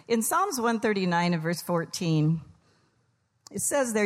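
A woman's voice: mid-range voice, sing-song, unhurried, big-room sound. An older woman, a pastor's wife's mother, giving a humorous Mother's Day sermon in church, telling jokes and stories in quoted voices. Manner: folksy, joking, storytelling with quoted voices. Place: church sanctuary.

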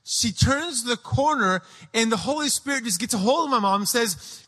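High, bright-voiced preacher. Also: male voice, normal speed. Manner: animated, acts out the scene. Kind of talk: sermon storytelling.

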